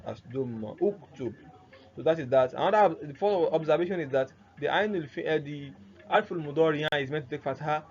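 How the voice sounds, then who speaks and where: A man's voice: a little high, fast. A man teaching grammar, who keeps posing "what?" questions and answering them himself, repeating the key terms. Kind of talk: explanatory lesson. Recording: dull lo-fi recording with faint noise.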